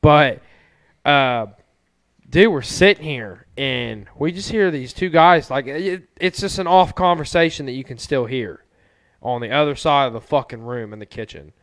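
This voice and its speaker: This is a young man with a smooth, clean-sounding voice, recorded close and dry. He chats casually as a co-host, swearing a lot, and tells his stories with animated, climbing energy. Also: mid-range voice, normal speed, no echo. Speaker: podcast co-host. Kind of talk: casual crude chat.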